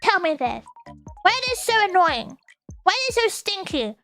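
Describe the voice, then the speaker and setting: A woman's voice: extremely high pitch, big pitch swings, normal speed, pushed and bright, soft background music. A woman streamer chatting casually and reading viewer comments, giggly and playful with sudden squeals.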